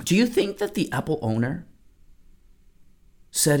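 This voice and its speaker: A man in his thirties from Peru, a network marketing coach talking alone on a podcast, rambling in a lively way and putting questions to his listeners. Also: fairly high pitch, a little slow. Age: 30s. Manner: animated, rambling, laughs and asks listeners questions. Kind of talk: solo podcast talk.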